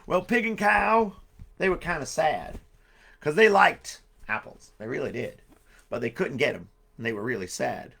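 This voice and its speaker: Male storyteller, jokey and rambling, bright tone with some gravel. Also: a little high, normal speed. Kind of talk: live-streamed storytelling for kids.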